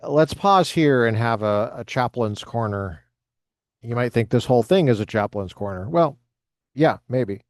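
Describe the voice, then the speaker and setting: Male lecturer, mid-pitched, reads text aloud and breaks off for dry jokes. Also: animated, a little slow, dry recording. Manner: reads passages with joking asides. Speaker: lecturer reading from a history book. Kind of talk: reading aloud with commentary.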